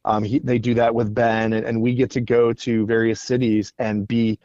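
Earnestly recounting stories and frequently repeating words, this podcast guest speaks in a casual interview. His medium-pitched voice has a darkish tone, little pitch movement and normal speed, heard on a dry, dull lo-fi recording.

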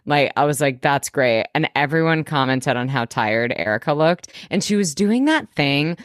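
A woman co-hosts a podcast, recapping a reality show episode in loose, profane chat. Her voice sits low and the sound is close and dry. She acts out other people's lines as she goes. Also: moderate pace, no room sound. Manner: animated, swears freely, acts out cast members' lines. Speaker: podcast co-host.

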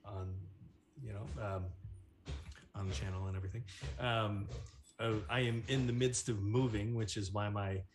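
A man's voice: lowish voice, steady tone, moderate pace, long pauses, noisy background. A man, a voice actor and producer, chatting casually in an interview with lots of fillers and a self-deprecating manner.

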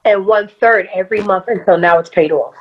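A woman with a Brooklyn accent, a podcast guest telling stories in blunt, animated casual chat. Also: mid-range voice, a little fast, lo-fi sound. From Brooklyn, New York.

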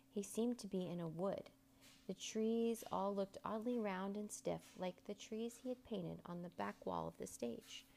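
A woman narrating a children's storybook aloud in an expressive, measured way. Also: medium pitch, creaky.

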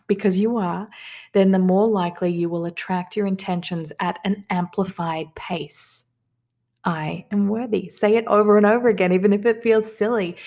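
A woman with a somewhat low voice teaches manifestation. She guides listeners through affirmations in a calm, unhurried way and repeats each phrase slowly.

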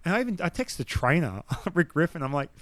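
Animated Australian man telling a story. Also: on the high side, fast talker, dry recording. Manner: animated, acts out the dialogue of others; blunt, swears now and then. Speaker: podcast guest, former baseball pitcher. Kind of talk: casual storytelling.

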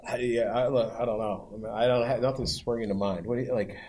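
A man's voice: medium pitch, fairly even intonation, fast talker, a little mellow. Male columnist guest, laid-back and rambling, self-deprecating. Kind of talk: live podcast chat before an audience.

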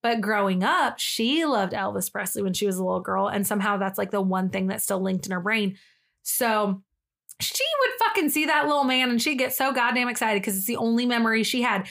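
A woman's voice: medium pitch, lively intonation, brisk, gravelly, fairly bright tone. A young woman co-hosting a casual podcast, chatty and emotional, swearing freely as she tells a personal story. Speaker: podcast co-host. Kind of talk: casual chat.

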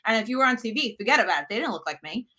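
A woman in her thirties, a cooking show host, chatting as an interview guest in an animated, self-deprecating way. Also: fairly high pitch, rapid-fire. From United States. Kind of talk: casual interview chat.

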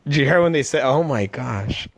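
A man's voice: medium pitch, expressive, moderate pace, creaky, husky. A man hosting a podcast as a stand-up comedian, joking and laughing often in a rambling casual chat. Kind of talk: casual chat reacting to a video.

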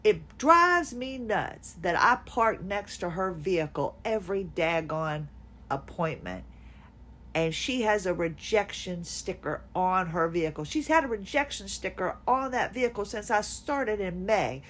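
High-voiced woman venting sarcastically. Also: fairly bright tone. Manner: exasperated, sarcastic storytelling with laughs. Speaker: podcast host. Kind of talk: casual personal venting monologue.

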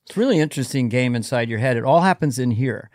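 Brief: middle-aged male comic, mid-pitched, reflective and rambling, dry close mic. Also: expressive, fast talker, darkish tone, dry recording. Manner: reflective, advice-giving, wandering. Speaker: comedian guest. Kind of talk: casual podcast chat.

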